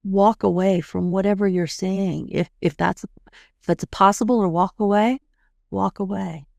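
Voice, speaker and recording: Calm woman podcast host, gravelly edge. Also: medium pitch, measured pace, dry recording. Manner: calm, guiding, demonstrates steps; adds "right?" to check in with listeners. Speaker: podcast host and tapping coach. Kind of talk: instructional podcast talk.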